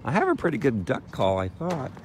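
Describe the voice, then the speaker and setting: A man giving a casual walking tour by a lake in a playful, chatty way, pausing often with "uh". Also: medium pitch, huge pitch swings. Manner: playful, chatty, with frequent "uh" pauses. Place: outdoors by a lake. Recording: outdoor background noise.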